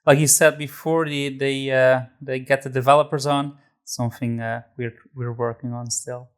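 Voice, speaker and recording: A man's voice: medium pitch, little pitch movement, moderate pace, clean tone. Man hosting a casual podcast. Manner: friendly, loose, uses fillers. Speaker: podcast host.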